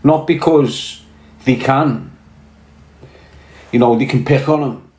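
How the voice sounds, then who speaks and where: Scouse male, mid-pitched, blunt and sweary podcast ranter, roomy echo. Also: takes it slowly, a little mellow. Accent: Liverpool (Scouse). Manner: blunt, heavy swearing, fired-up. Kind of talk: casual rant.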